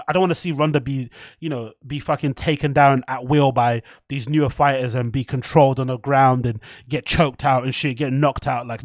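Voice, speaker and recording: The young man has a mid-range voice, captured as clean studio sound with no room sound. Hosting a casual live stream, he's excitable as he reacts to chat and a fight, swears a lot, laughs often and throws in mock French bits.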